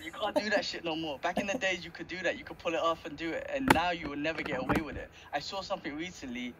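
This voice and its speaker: A man's voice: a little high, fast, a loud crowd. A man co-hosting a podcast, chatting animatedly about cartoons and laughing often. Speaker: podcast co-host. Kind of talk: casual chat. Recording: slightly dull audio with faint background noise.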